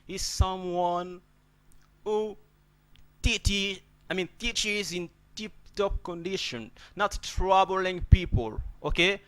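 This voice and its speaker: A man's voice: high voice, slow, fairly bright tone, clean tone. A man teaching an English pronunciation lesson, repeating words and checking in with "okay?" after nearly every point.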